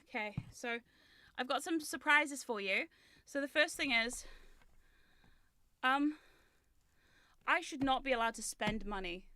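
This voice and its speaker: A woman streamer chatting casually while building and unboxing, talkative, laughing often and swearing in loud outbursts. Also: sits high, slight background noise. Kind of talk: casual live-stream chat.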